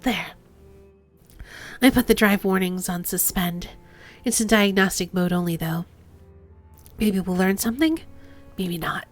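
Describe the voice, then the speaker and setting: A woman voicing Isabel, a capable hacker in a video game, speaking flatly and matter-of-factly. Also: mid-range voice, a little slow, pauses often, soft background music, voice pushed down, close to an everyday voice.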